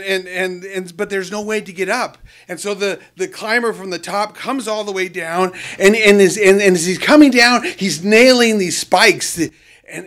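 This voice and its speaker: Animated storyteller, high male voice. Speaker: prison ministry volunteer. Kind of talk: sharing a faith story in a prayer group.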